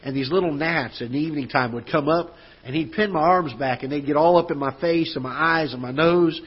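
A man's voice: a little high, brisk, husky, highs cut off. A man preaching a sermon as pastor in a church auditorium, speaking earnestly and conversationally with fillers and restarts. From Florida.

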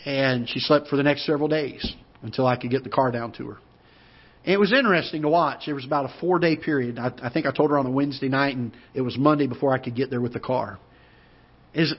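A man in his fifties with a Midwestern American accent, preaching a sermon and telling a personal story in an earnest way, with pauses and restarts. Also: fairly high pitch, breathy edge. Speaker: pastor. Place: church auditorium. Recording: muffled church broadcast audio.

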